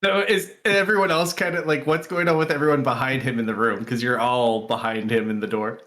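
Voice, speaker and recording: Bright-voiced young man running a game. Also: medium pitch, fairly even intonation, fairly quick. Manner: loose, hesitant, many fillers. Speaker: game master. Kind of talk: casual tabletop narration.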